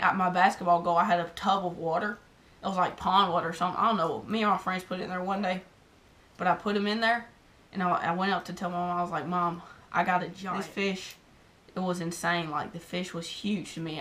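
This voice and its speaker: A Southern US woman vlogger recounting a story straight to camera, her words tumbling out in an excited, rambling run. Her voice sits a little low for a woman, and "like" fills nearly every phrase. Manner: excited and rambling, heavy use of "like". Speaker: fishing vlogger.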